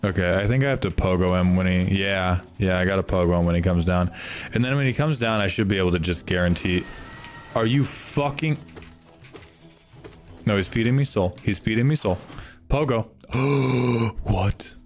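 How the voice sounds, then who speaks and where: A man's voice: low voice, normal speed, soft background music. A young man streaming a video game, reacting with constant frustrated swearing as he plays. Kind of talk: live gameplay commentary.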